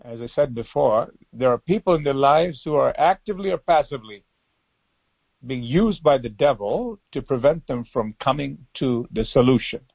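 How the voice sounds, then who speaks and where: An earnest male preacher with a gravelly, husky, medium-pitched voice delivers a devotional sermon, pressing his listeners with pleading rhetorical questions. His intonation is lively and his pace moderate, and the recording is dull, lo-fi, dry and close.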